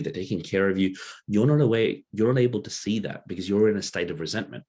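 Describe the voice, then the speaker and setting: A man with a very low, husky voice gives a relaxed teaching talk. He speaks loosely and conversationally, checking in with the listener again and again while sketching a diagram to explain his point. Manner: loose and conversational, many fillers and rhetorical "right?". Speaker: workshop presenter.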